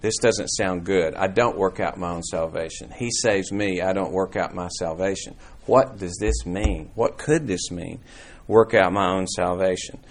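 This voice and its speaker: Low-voiced man teaching a Bible class. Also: steady tone, measured pace, hardly any pauses. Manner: conversational, rambling with restarts and fillers. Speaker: church teacher. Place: church classroom.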